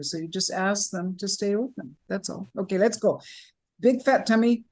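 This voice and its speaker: Woman from Canada, voice coach, lively online workshop leader demonstrating breath and sounds. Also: mid-range voice, normal speed. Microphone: video call.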